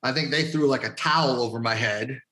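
A man's voice: medium pitch, brisk, sharp tone, roomy sound. A man, a wrestler, telling a crude story in a casual interview, swearing freely and laughing between lines. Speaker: wrestler, guest.

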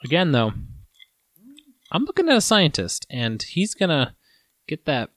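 Animated man in casual candy-tasting chat. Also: fairly high pitch, unhurried, dry recording. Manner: animated, swears, jokey.

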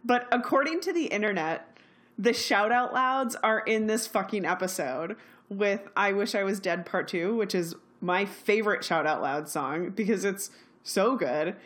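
A young woman co-hosting a casual podcast, speaking with emphatic, animated energy at a mid pitch. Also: unhurried. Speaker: podcast co-host. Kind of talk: casual chat.

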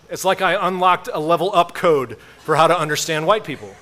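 Storytelling male pastor, slightly high voice. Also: fairly quick, few pauses, pushed and bright. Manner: conversational storytelling with self-deprecating humor. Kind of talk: sermon.

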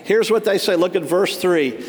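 A man's voice: sits high, normal speed. A man preaching a sermon as pastor, telling stories and acting out the lines of quoted townspeople. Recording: long reverb of a hall.

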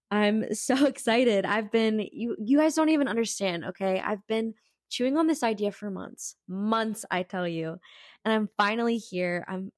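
A woman in her twenties hosting her own podcast, talking in an excitable, slangy, chatty way. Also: mid-range voice, dry recording, clean studio sound. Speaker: podcast host. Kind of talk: casual solo podcast chat.

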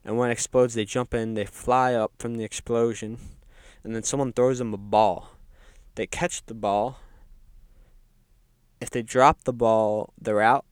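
A man of middling pitch rambles through a deadpan comedic monologue, casually playing a resident of hell. His voice is smooth and resonant, recorded dry and close with no room sound. He pads his sentences with ums and uhs. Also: measured pace, no echo. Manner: rambling, deadpan, filler-heavy with frequent ums. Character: resident of hell describing its games. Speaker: comedic podcast host.

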